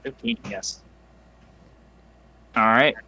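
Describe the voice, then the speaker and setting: A man running an online tabletop game as game master, relaxed and easygoing in his rulings. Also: mid-range voice, drawn-out words, vocal fry, a little hiss or hum, poor audio.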